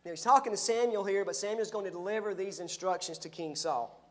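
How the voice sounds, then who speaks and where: A man's voice: high voice, brisk. A male pastor preaching a sermon, reading scripture aloud and explaining it in a conversational way.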